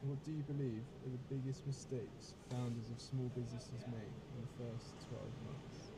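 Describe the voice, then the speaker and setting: A man's voice: medium pitch, flat delivery, normal speed. Distant man asking questions off-camera. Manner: plain, reading questions and comments aloud. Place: outdoors on a city street. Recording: distant voice in loud street noise.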